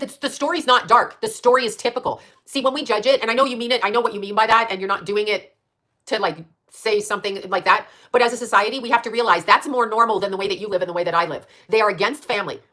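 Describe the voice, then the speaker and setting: A woman's voice: mid-range voice, bright, forceful tone. A woman hosting a stream, ranting in a rambling, profane monologue full of rhetorical questions.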